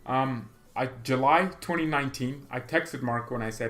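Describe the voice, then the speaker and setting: A man's voice: medium pitch, a little fast, few pauses, fairly bright tone. A young man hosting a livestream for a fan channel, chatting casually and reading out viewer comments, with frequent stammers and laughs. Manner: rambling, stammering, laughs often, reads chat aloud.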